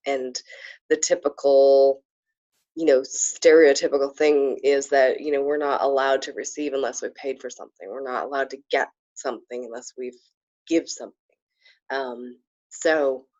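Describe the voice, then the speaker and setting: A woman's voice: deep voice, darkish tone. Bubbly woman coaching on a lo-fi stream. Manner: bubbly and effusive, with frequent fillers and whoops. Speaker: spiritual coach hosting a live program. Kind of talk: casual live-stream coaching talk.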